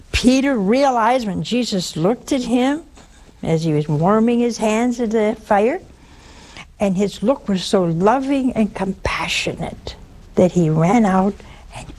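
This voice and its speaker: Animated woman giving a folksy talk. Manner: animated, folksy, swings from high emphasis to low hushed tones. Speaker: religious teacher. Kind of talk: spoken Catholic teaching talk. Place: live talk before an audience.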